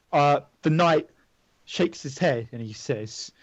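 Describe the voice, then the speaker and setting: A man's voice: fairly high pitch, takes it slowly, husky, no room sound, muffled recording. A man narrating as dungeon master, casual, with many fillers and restarts. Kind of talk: narrating a tabletop game.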